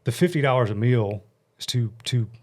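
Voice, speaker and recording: A man in his forties from the United States, telling a story as a podcast guest in a blunt, animated way and swearing freely, into a studio mic. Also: medium pitch, normal speed. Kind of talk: casual storytelling chat. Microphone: studio mic on a stand.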